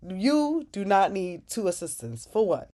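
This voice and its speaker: A woman's voice: medium pitch, measured pace. A young woman hosting a casual vlog, chatting animatedly and saying "like" a lot as she recaps an episode. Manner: chatty, animated, heavy use of "like". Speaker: channel host recapping a TV episode.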